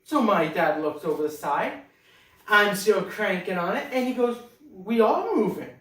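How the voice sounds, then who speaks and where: A man casually telling funny family anecdotes in a lively, self-mocking way. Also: sits high, moderate pace. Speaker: family storyteller. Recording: roomy, distant mic.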